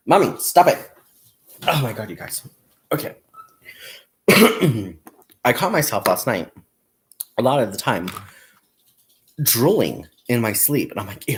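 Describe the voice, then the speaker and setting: A young man chats through a crafting livestream while he crochets, his pitch rising and falling with lively swings. He rambles, laughs often, and counts stitches aloud. He speaks to the viewers as "you guys" and "y'all". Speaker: crafting channel host.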